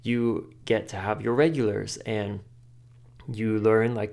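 Man, podcast host, casual advice talk, gravelly voice, chatty, lots of fillers. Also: fairly low pitch, a little mellow. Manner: chatty, filler-heavy with frequent "like", laughs often.

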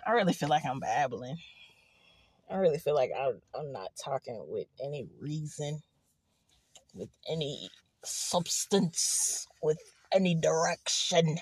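Animated, rambling young woman vlogging. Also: deep voice, measured pace, husky, dry recording, clean studio sound. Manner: rambling, animated storytelling with frequent laughs. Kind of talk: casual confessional vlog. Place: in a car in an empty parking lot.

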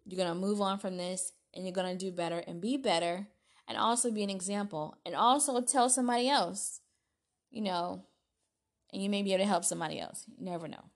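A woman's voice: mid-range voice, fairly quick. A woman hosting her own solo podcast, talking in a chatty, self-deprecating way with restarts. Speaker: podcast host. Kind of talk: casual solo podcast talk.

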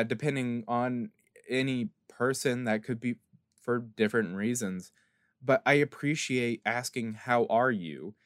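A man chats on a podcast in an earnest, rambling way, often stopping to restart and acting out bits of dialogue. His voice sits in a middle pitch. The sound is dry and close. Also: fairly bright tone, clean tone, no room sound. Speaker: podcast co-host. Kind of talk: casual podcast chat.

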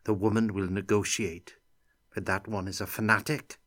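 A man voicing a wary, cunning male monk who speaks mildly and in a guarded, measured way. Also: on the low side, little pitch movement, fairly bright tone, no room sound, clean studio sound.

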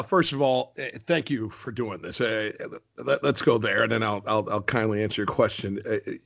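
A man's voice: medium pitch, gravelly, fairly bright tone, no room sound, muffled recording. A man in his forties from the United States, a team TV host and courtside reporter, chatting as a podcast guest, laughing often and restarting his sentences. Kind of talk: casual podcast interview.

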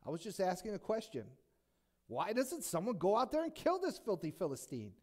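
An indignant young shepherd boy protests that he did nothing wrong, as a man puts him on while preaching. The voice lifts higher and pushes louder, a defiant kid in a story told from the pulpit. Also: huge pitch swings, brisk, heavily acted.

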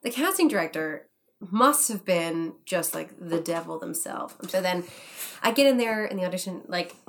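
A young woman telling a funny story in casual chat, animated, swearing, acting out the people she quotes. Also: lowish voice, moderate pace. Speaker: podcast guest.

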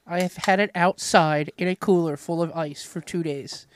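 A man's voice: fairly high pitch, fairly even intonation, normal speed, slight background noise. A man with a head cold, co-hosting a podcast in blunt, casually profane chat. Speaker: podcast co-host.

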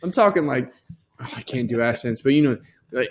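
This man co-hosts a podcast out of the Dallas area, his medium-pitched, slightly rough voice moving briskly with lively intonation. The chat is loose and relaxed, full of swearing and endless "dude"s.

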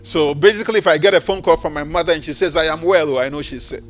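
Man preaching, high voice, expressive scripture reading, faint music behind. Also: fast. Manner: expressive preaching, reads scripture aloud with swells and drops. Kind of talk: sermon.

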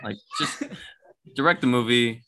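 A woman with an unusually low voice co-hosts a casual podcast, talking bluntly and with exasperation while she stammers through restarts. Her tone is bright and forceful. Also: unhurried. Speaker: podcast co-host. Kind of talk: casual chat.

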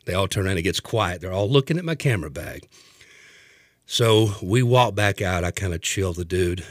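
Deep-voiced man telling a wild story. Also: moderate pace, no echo, studio quality. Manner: animated, acts out voices, laughs a lot. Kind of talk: comic storytelling.

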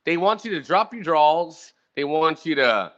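Man, 30s, podcast host, profane rants, lively pitch, lo-fi sound. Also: moderate pace. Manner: profane, ranting, talks to the audience. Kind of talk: casual podcast chat. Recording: dull lo-fi audio.

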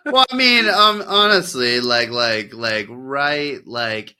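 Lively, very bright young male co-host. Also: mid-range voice, takes it slowly, smooth. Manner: animated, joking, playful. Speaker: podcast co-host. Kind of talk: casual anime discussion.

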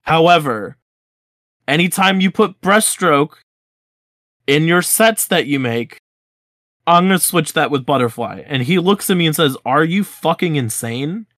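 A man's voice: a little high, unhurried, pauses often, no room sound, clean studio sound. A young man in his twenties, co-hosting a podcast, telling a school story in a casual chat and acting out the dialogue. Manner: animated storyteller, acts out quoted dialogue. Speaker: podcast co-host.

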